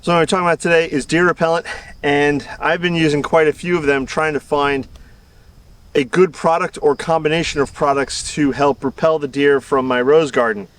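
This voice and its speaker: A man's voice: fairly high pitch, steady tone, moderate pace, fairly bright tone, recorded from a distance. A man from the American South hosting a gardening channel, talking casually outdoors in his garden with a rambling, self-deprecating manner and frequent chuckles. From Southern United States. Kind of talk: casual outdoor video talk.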